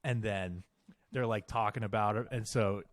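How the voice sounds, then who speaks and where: A man's voice: fairly low pitch, fairly even intonation, moderate pace, no echo, clean studio sound. A young man co-hosting a casual podcast, telling a story in a profane, ranting way. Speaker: podcast co-host. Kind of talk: casual chat.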